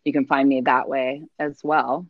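A woman's voice: rumbling low, flat delivery, moderate pace. A woman guest who leads a community theater, chatting casually and laughing easily. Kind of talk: casual interview chat. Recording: slightly dull, dry sound.

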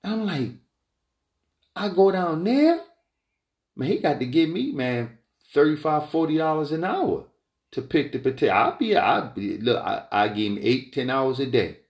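Gravelly man ranting in an echoey room. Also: lively intonation, moderate pace. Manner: emphatic, repetitive, goes off on tangents; voice climbs high when heated. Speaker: entrepreneur vlogger. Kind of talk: rambling opinion monologue. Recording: roomy echo.

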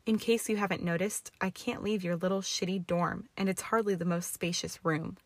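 A woman's voice: on the low side, steady tone, moderate pace, dry recording, natural voice. Draco, a woman voicing a sneering young wizard. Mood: taunting. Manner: taunting, drawling. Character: cold, sneering young wizard, arrogant and cruel.

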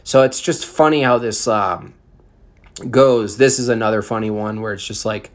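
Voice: medium pitch, moderate pace. A vlog commentator ranting about photographs in a heated, sarcastic way, with many fillers.

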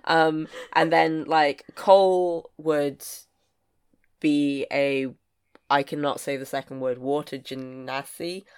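A man who co-hosts and writes a podcast, chatting casually and speaking haltingly with many ums. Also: a little high, flat delivery, clear, resonant tone.

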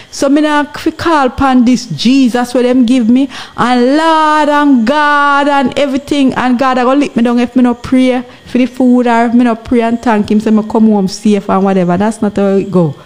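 A woman with a Jamaican accent talks as a podcast guest, urging her listeners on. Her voice sits a little on the high side, and she keeps stopping to ask whether they understand. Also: a little mellow. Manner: earnest, exhorting, often asks "you understand". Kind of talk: impassioned podcast commentary.

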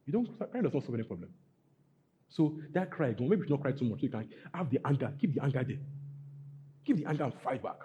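A man preaching a sermon, his pitch swinging widely as he presses each point. His voice is warm and mellow. He repeats his phrases and climbs to loud exhortations. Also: animated, fast talker, dull audio. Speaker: pastor.

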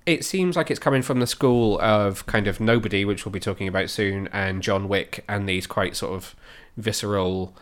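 A man's voice: on the low side, normal speed, few pauses. A man hosting a podcast, chatting casually and jokily about film news and trailers. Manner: chatty, joking, rattles off news. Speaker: podcast host.

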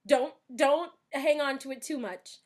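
A young woman co-hosting a casual book discussion, animated and sarcastic, laughing often. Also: high-pitched, a little slow. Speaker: podcast co-host.

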